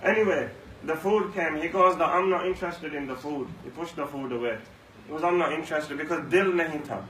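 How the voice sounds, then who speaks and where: A man's voice: a little high, a little fast, fairly bright tone, slight background noise. A man giving a religious talk, telling a story and acting out both sides of a conversation. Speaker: preacher. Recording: echoey room, mic at a distance.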